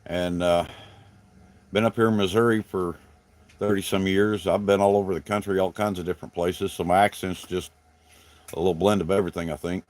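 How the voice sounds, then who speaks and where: A man's voice: deep voice, steady tone, a little fast, darkish tone. Folksy Southern man chatting on a livestream. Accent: Southern American. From South Carolina. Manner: folksy, drawling, rambling. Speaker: livestream host. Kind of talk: casual livestream chat greeting viewers.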